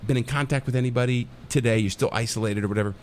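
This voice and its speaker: A man's voice: medium pitch, racing, a little hiss or hum. A middle-aged man, a comic actor, telling stories casually in an interview and acting out the voices. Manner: animated, acts out voices in his stories. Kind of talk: casual storytelling in a podcast interview.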